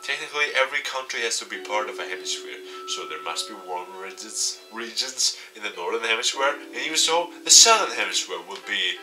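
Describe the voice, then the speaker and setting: A man streaming a game, reading the visual novel aloud and adding animated asides. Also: lowish voice, a little fast, few pauses. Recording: distant mic with faint music.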